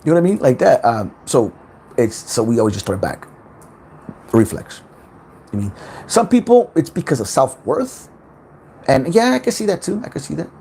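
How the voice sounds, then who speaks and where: A man talks through a casual livestream monologue with a lively, swooping voice, starting and restarting his sentences. His pitch sits in an ordinary middle register. He tosses in swear words along the way. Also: moderate pace, long pauses, a little hiss or hum. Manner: rambling, repeats words, swears freely, animated. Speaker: spiritual self-help livestream host.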